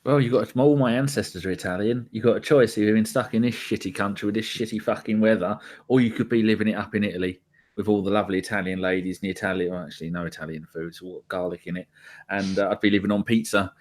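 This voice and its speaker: A man's voice: lowish voice, steady tone, quick pace, a little mellow. A man from London with a London accent, hosting a casual podcast chat, sweary and full of banter. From England. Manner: sweary, banter-heavy, rambling. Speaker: podcast host.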